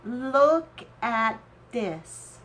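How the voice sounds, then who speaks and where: Hosting her crafting channel, a woman unboxes a handmade gift from a craft swap, emotional and animated, gushing with teary awe at a very slow, lingering pace. Her pitch is high and bright, with faint background noise beneath it.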